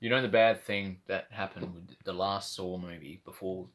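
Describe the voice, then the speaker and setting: A man with a lowish voice chats loosely about a film he saw. He rambles, swears freely and slips into little impressions of what people said. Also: fairly even intonation, normal speed. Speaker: movie reviewer. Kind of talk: casual chat.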